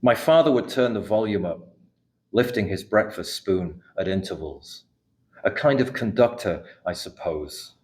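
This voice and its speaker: Deep-voiced man reading poetry in an echoey café. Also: a little mellow. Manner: measured, unhurried reading, hesitant between poems. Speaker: poet. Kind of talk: poetry reading with spoken asides. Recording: echoey room recording.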